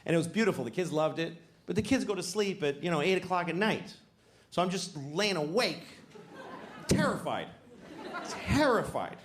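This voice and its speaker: Here a middle-aged man does stand-up for a live audience, swearing and venting in frustration, then muttering asides under his breath. His high voice is expressive and moves at a normal speed, with some chatter in the background of the reverberant, noisy venue.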